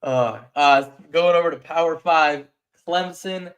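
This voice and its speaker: A man co-hosting a casual sports chat show, reading through stats in a quick list. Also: fairly high pitch. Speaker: co-host.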